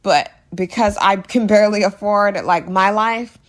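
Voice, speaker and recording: A woman's voice: mid-range voice, steady tone, unhurried, few pauses. A young woman giving an opinionated, sarcastic movie review in a casual, ranting way.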